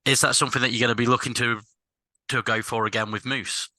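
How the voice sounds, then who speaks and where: A man's voice: medium pitch, fairly even intonation, fast, sharp tone, dry recording. A man interviewing a guest, nervous and stammering over his questions. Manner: nervous and stammering, admits being intimidated.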